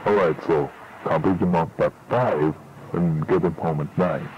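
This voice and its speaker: An actor playing a practical adult man giving brisk, matter-of-fact instructions in a game. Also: sits low, darkish tone, highs cut off, slight background noise. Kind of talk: game voice acting.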